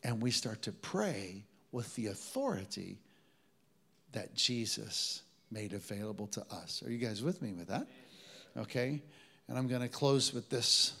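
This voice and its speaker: A man's voice: lowish voice, animated, a little slow, creaky, bright, forceful tone, slightly rough. A man preaching a sermon to a live congregation, telling stories in a conversational way and calling on the audience to respond. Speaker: pastor.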